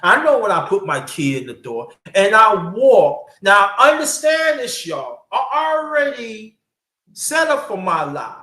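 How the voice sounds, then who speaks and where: A man with a fairly high voice tells a personal story on a podcast, getting animated and cursing freely as he goes. The sound is roomy, with a clear echo around him. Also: unhurried.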